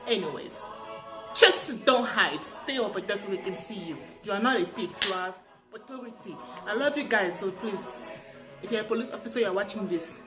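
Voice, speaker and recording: A young woman with an African accent telling a story to camera in a casual, animated way, laughing often and repeating words. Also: mid-range voice, measured pace, music in the background. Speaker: vlogger.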